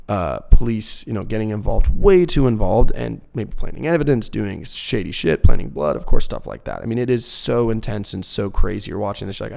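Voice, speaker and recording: A man's voice: medium pitch, gravelly. A young man hosting a casual talk show, ranting profanely and acting out other people's voices as he goes. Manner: profane, animated, mimics voices mid-rant. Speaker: podcast host.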